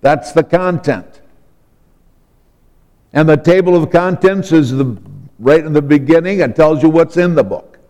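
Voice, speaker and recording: Man, preacher, sermon, very slow, deliberate, long hall reverb. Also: on the high side, darkish tone. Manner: slow and deliberate, spelling out words.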